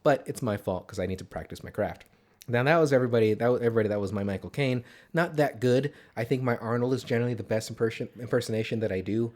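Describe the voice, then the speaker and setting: A man's voice: mid-range voice, fast, darkish tone. A man co-hosting a casual podcast, joking, laughing often and rambling with restarts. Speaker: podcast co-host.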